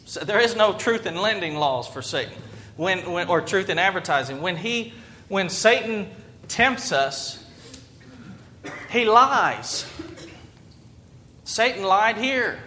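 A man's voice: sits high, animated, takes it slowly, pauses often, sharp tone, a little hiss or hum. A man in his thirties, a pastor, preaching a conversational sermon and asking the congregation questions.

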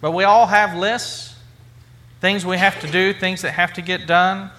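Bright, high-voiced male preacher. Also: fairly even intonation, a little slow, slight background noise. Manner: conversational, repetitive, rhetorical questions. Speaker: pastor. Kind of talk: sermon.

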